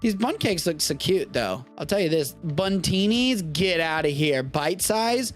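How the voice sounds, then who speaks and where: A man's voice: fairly high pitch, big pitch swings, moderate pace, soft background music. A young man from Texas hosting a live stream, chatting casually and riffing with profanity. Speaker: host of a live streamed show.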